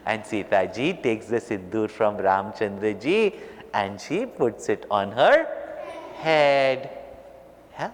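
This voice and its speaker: A man, a spiritual teacher, telling a story to children in an animated way and questioning them. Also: on the low side, slow. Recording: reverberant hall, faint noise.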